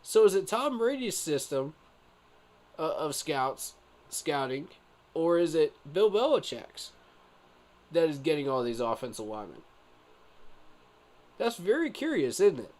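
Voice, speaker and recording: A man's voice: on the high side, sing-song, unhurried, long pauses, darkish tone. A man live-streaming his reaction to a sports event, emphatic and exasperated, talking straight to his viewers with rhetorical questions. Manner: emphatic, addresses viewers directly as y'all.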